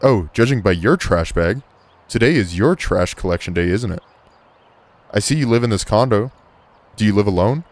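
Guy reading out a polite creepy cop, kinda low voice, calm and kinda unsettling. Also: moderate pace, long pauses. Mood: probing. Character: polite, creepy male police officer. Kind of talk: reading game dialogue aloud.

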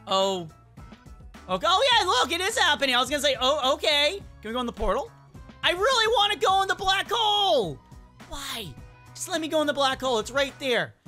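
A woman giving chatty, excitable let's-play commentary and talking to the game characters as a gaming YouTuber. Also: high-pitched.

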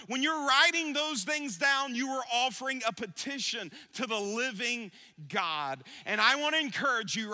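A man's voice: high voice, sharp tone. A middle-aged male pastor preaching a sermon, telling a personal story and then building to emphatic exhortation.

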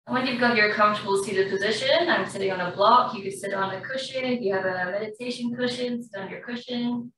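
A woman, a yoga instructor calmly guiding a class through slow breathing in a studio. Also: mid-range voice. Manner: slow, calm, even-toned guidance. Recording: very echoey room, far from mic, faint noise.

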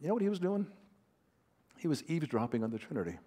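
A man gives an anecdotal teaching talk to a large audience in a hall. He speaks conversationally, with some fillers and restarts. He leans on personal stories and gentle self-deprecating humor. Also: a little high, very animated, quick pace. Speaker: Christian author and counselor speaking at a conference.

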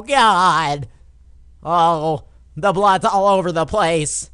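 A young man doing casual let's play commentary, swearing and yelling at the game, then dropping to a quiet mutter. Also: fairly high pitch, expressive, measured pace, smooth, dry recording. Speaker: gamer.

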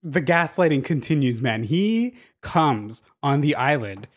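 A man chatting casually over a video game, animated and chatty, dropping lots of "like" and swearing freely. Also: a little high, measured pace. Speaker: gaming YouTuber. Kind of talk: casual chat over gameplay.

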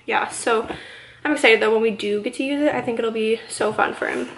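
A woman's voice: a little high, fairly quick, reverberant, slight background noise, rough recording. Breathless pregnant young woman, chatty. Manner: chatty, upbeat, many fillers. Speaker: vlogger. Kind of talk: casual haul vlog. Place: home.

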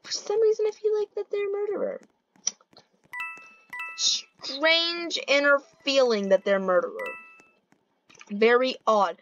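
A young woman giving casual gameplay commentary, excitable and giggly, swinging between panic and glee. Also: sits high, a little slow, dull audio, faint music behind.

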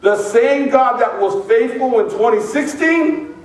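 A pastor with a high voice preaches to his church, lively and joking with the congregation. The sound is roomy and echoey. He is heard from some distance, off the microphone. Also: unhurried. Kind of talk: sermon. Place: large church sanctuary.

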